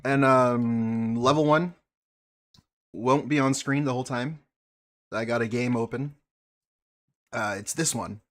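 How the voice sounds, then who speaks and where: A man reacts to a video on a live stream, in a casual and offhand way. He is sarcastic and swears freely. His voice sits at an ordinary middle pitch. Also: a little slow, long pauses.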